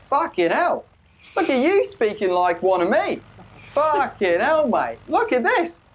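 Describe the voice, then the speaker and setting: A man's voice: extremely high pitch, wildly swooping pitch, unhurried, muffled recording, voice pushed up, full character voice. A man voicing a brash, foul-mouthed little male dragon with an Australian accent who swears constantly and calls everyone mate. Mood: excited.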